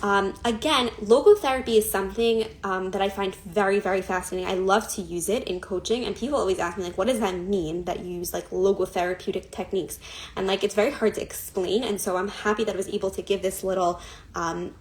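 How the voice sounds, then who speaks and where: A woman's voice: mid-range voice, steady tone, fairly quick. Woman coach, conversational live-stream talk, loose and chatty, frequent fillers. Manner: chatty, many fillers and laughs.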